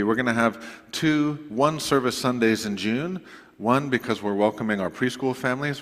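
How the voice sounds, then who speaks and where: A man preaching to his congregation in a relaxed, conversational way, with asides to the listeners. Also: lowish voice. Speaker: pastor. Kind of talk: sermon announcements. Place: church sanctuary. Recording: long reverb of a church sanctuary.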